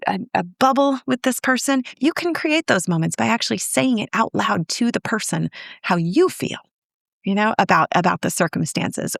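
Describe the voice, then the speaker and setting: A woman's voice: on the high side, creaky, dry recording, studio quality. A woman therapist speaking earnestly on a podcast, emotional and given to restarts. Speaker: guest therapist. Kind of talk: podcast conversation.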